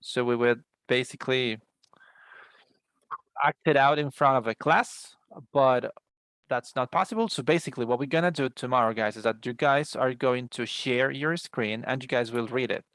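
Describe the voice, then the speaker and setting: Gravelly man teaching an online class. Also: mid-range voice, moderate pace, fairly bright tone, no room sound. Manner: patient, explanatory, many fillers and restarts. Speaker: English teacher. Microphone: video call.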